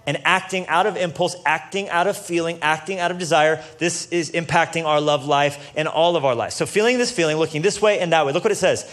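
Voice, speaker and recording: Joking, fiery preacher man. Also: fairly high pitch. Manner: casual, joking, builds to loud passionate peaks. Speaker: pastor. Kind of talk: sermon. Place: church stage before a live audience.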